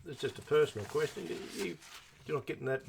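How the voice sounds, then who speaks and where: A man's voice: a little high, lively intonation, fast talker, vocal fry, a little hiss or hum. A man with an Australian accent hosting an interview, friendly and matey, calling everyone mate. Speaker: podcast host. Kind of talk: casual interview chat.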